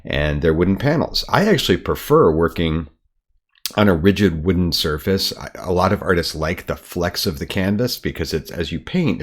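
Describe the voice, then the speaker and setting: An American man, an artist and art teacher, talking casually to camera in his studio, relaxed and chatty with frequent ums. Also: deep voice. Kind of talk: casual explanatory talk to camera.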